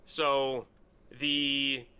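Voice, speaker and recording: A man's voice: mid-range voice, level tone, very slow, pushed and bright, smooth. A man co-hosting a movie podcast, rambling casually with lots of fillers. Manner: rambling, filler-heavy, laughs easily. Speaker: podcast co-host. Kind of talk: casual movie review chat.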